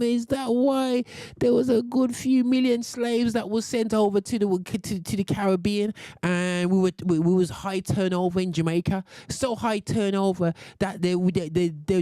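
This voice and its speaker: A British man hosting a radio show, ranting in heated commentary with many restarts and sudden high exclamations. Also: mellow, no room sound.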